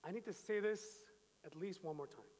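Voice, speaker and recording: A man preaching a sermon, animated storytelling and joking with the congregation. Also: high voice, a little fast, in a large hall. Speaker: pastor. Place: church.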